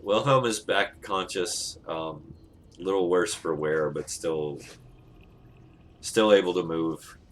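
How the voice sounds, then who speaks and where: Slow, low-voiced game master. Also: male voice. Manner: relaxed, laughing often, with many ums. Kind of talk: narrating a tabletop game.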